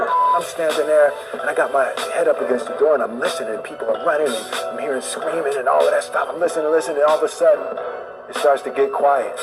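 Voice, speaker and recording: A man telling a comic story, animated and acting out the voices. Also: fairly high pitch, fast talker, loud music behind the voice. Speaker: celebrity guest.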